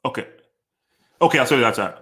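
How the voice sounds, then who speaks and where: Fast and sharp-toned, this medium-pitched man with lively intonation hosts a football channel, reacting live in a casual manner. Brief phrases come out repeated, and he restarts sentences while thinking aloud.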